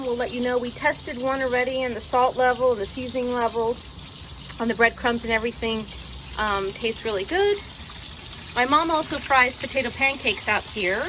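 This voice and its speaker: A woman with a slightly high voice makes a casual cooking vlog with her mother, rambling a little and using fillers as she describes each step. There's background noise, and the action moves from a kitchen to an outdoor backyard kitchen.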